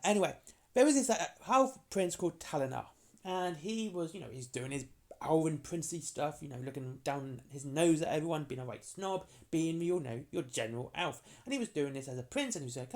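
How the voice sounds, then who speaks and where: Casual lore rambling, jokey asides, swooping pitch. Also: expressive. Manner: chatty and jokey, acts out characters in quick asides. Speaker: tabletop game lore explainer.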